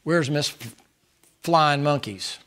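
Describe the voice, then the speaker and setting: A preacher man delivers a sermon in a high-pitched voice. He preaches with passion and climbs into loud, soaring stretches whenever he quotes scripture. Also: slow. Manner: impassioned preaching, rising to high shouted stretches when reading and quoting. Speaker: pastor.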